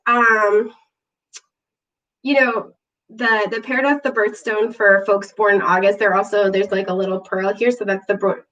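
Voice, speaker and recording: A woman giving a casual tarot reading, bubbly and gushing, chatty with lots of fillers, clearing her throat from allergies. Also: medium pitch, a bit bright, recorded from a distance, muffled recording. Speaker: tarot reader. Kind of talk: casual spiritual reading to camera.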